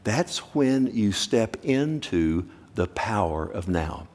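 A man preaching a sermon, animated, swinging from loud urgent bursts to quiet low asides. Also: slow pace.

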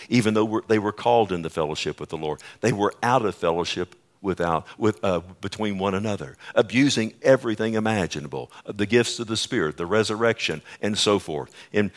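Male pastor, lowish voice, preaching a sermon with emphatic rises and rhetorical questions.

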